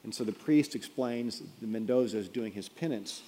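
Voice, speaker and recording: A man preaching a sermon, telling a story and then pressing the point, rising to emphatic peaks and dropping quiet. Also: fairly low pitch, moderate pace, husky. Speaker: pastor. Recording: long reverb of a large hall.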